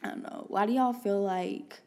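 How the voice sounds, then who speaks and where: A woman's voice: medium pitch, moderate pace, darkish tone. A young woman, co-hosting a podcast in casual, slangy banter with lots of laughter. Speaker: podcast co-host.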